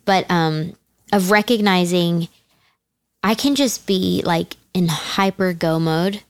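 Candid woman, low and dry. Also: slow pace, no room sound. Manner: candid, self-deprecating, laughs often. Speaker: church women's teaching team member. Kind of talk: casual podcast conversation.

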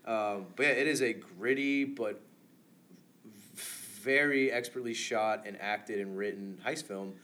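A man's voice: lowish voice, measured pace, bright, forceful tone. A man co-hosting a casual movie podcast, loose and swearing, laughing often. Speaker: podcast co-host.

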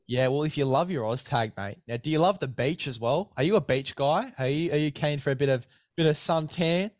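A man's voice: on the high side, brisk, no echo, studio quality. A young Australian man hosting a casual sports chat podcast, rambling and repeating himself, calling his guest mate. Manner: rambling, repeats phrases, says mate a lot. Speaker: podcast host.

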